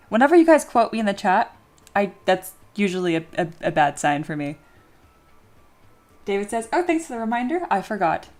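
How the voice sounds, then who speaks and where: A woman hosting a sculpting livestream, chatting casually and reading viewer comments aloud with self-deprecating humor. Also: medium pitch. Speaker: livestream host sculpting 3D models. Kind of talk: casual livestream chat while working. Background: soft background music.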